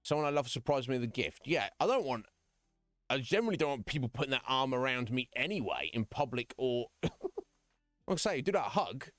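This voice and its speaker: A man talks loosely to his stream audience from home, rambling and frank and chuckling between thoughts. His pitch is lively and bounces up and down. The sound is dry, with faint music behind him. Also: a little fast, dry recording. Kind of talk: casual live-stream chat. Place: home room.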